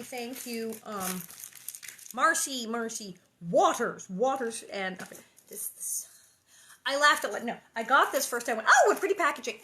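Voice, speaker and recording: A woman reads a children's novel aloud from home, then drifts into friendly chatter. Her voice sits a little high and rings bright, and she plays up the quotes with lots of laughter. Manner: animated, chatty, laughs often, acts out quotes. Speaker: reader and host of a reading series. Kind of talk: reading aloud and casual chat.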